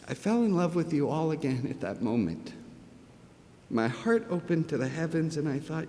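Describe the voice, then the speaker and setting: A man's voice: animated, moderate pace, dark tone. A middle-aged man speaking as a rabbi at a ceremony, emotional and tender, close to tears. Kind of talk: heartfelt ceremony speech. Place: large hall at a ceremony. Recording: echoey hall, faint rumble.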